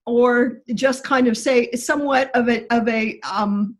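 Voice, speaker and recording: A woman with a somewhat high, husky voice explains the grammar of a Greek text. She talks in a careful, technical way. Her sentences often stop and restart. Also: fairly even intonation, measured pace, hardly any pauses. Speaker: biblical Greek scholar. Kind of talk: explanatory interview talk.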